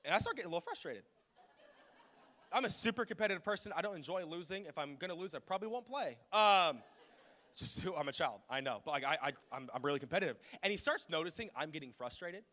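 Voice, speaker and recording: Bright-voiced pastor in a reverberant hall. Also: male voice, a little high, lively intonation, quick pace. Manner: casual, joking, self-deprecating. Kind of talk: sermon. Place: large church auditorium. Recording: long hall reverb with faint music.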